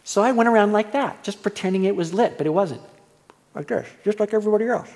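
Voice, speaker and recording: A man's voice: sits high, fast talker, a little mellow. A male pastor preaching a verse-by-verse sermon in a conversational, storytelling way. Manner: conversational storytelling, acts out quoted voices. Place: church hall. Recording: long church reverb.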